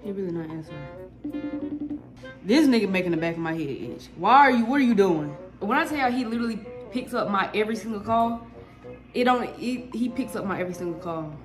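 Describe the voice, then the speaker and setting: A teenage girl talking casually to camera in a slangy, excitable, nervous ramble. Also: medium pitch, brisk. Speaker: vlogger. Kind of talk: casual vlog chat to camera. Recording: echoey room with music behind. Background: music.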